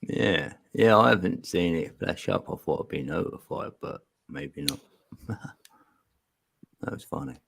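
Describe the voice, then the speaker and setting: Slow, gravelly man co-hosting. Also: deep voice, expressive, a bit bright. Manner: laid-back, laughs a lot. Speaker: co-host of a live stream. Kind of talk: casual chat.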